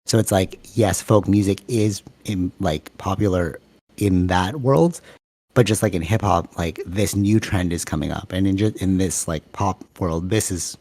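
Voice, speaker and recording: Fast-talking low-voiced man on a podcast. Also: no room sound. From Canada. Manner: fast-talking, rambling, animated. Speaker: podcast co-host. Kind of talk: casual chat.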